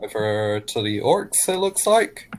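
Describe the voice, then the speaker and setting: A man playing a tabletop game, describing his character's actions in a halting way full of fillers. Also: on the low side, big pitch swings, darkish tone, a little hiss or hum. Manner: hesitant, halting, full of "kinda" and "like". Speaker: player.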